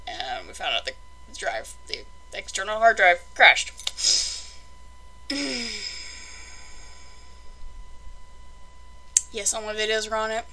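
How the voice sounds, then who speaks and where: Bright, lively-voiced young woman vlogging. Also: mid-range voice, moderate pace, slight background noise, rough recording. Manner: chatty, rambling, exasperated asides. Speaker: toy unboxing vlogger. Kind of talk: casual unboxing chat.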